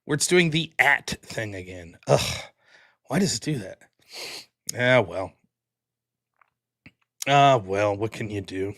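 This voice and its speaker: A man's voice: lowish voice, expressive, moderate pace, gravelly, a bit bright. A man hosting his own live stream, chatting casually in a rambling, self-deprecating way. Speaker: show host.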